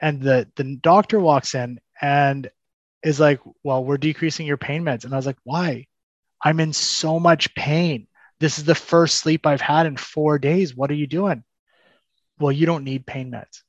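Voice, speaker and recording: Animated man telling his story. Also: a little high, measured pace, dry recording, dull audio. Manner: animated, acts out quoted dialogue, frequent restarts. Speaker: podcast guest. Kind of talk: telling a personal story in conversation.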